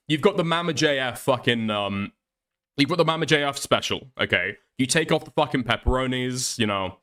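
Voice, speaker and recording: A man's voice: mid-range voice, sharp tone. A man hosting a commentary stream, rambling and swearing with laughing asides. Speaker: streamer host.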